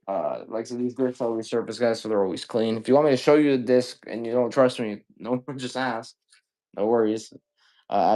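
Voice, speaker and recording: A man's voice: on the low side, dark tone. Loose, profane man selling games live. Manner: loose and profane, greets viewers rapid-fire. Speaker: live-stream seller of video games. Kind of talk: casual live-selling chat.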